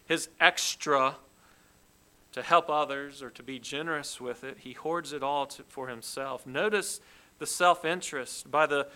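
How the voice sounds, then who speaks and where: A man preaching a sermon, explaining a scripture passage in a deliberate, emphatic way. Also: fairly high pitch, pushed and bright, clean tone, poor audio. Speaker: pastor.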